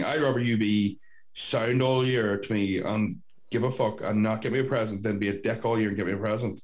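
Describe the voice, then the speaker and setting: A man's voice: lowish voice, fairly even intonation, fast. A young Northern Irish man co-hosting a podcast over a video call, rambling and swearing in casual chat. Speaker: podcast co-host. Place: sister's bedroom at home.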